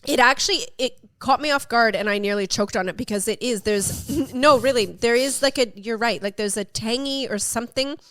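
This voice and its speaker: Bubbly higher-voiced woman, dry close sound. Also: normal speed, few pauses, fairly bright tone, dry recording. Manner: giggly, playful teasing, trails off mid-sentence. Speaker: podcast co-host. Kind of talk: casual chat, wine tasting.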